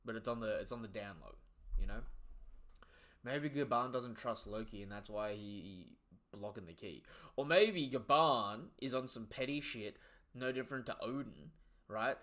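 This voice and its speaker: A young man giving casual live reaction commentary, excitable and slangy, swearing freely and trailing off into low asides. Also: normal speed.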